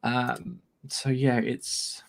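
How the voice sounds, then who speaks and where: A man's voice: mid-range voice, level tone, very slow, gravelly. A man co-hosting a casual gaming podcast, rambling and swearing freely, laughing often. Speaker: podcast co-host. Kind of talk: casual chat.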